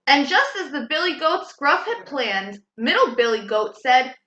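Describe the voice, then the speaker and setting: A woman hosting a children's storytime, reading a storybook aloud in an expressive, sing-song way. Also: high voice, a little slow, few pauses, echoey room, rough recording.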